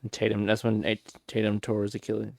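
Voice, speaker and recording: Low-voiced man in easygoing sports chat. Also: monotone, quick pace, vocal fry, a little mellow, no room sound. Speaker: podcast co-host.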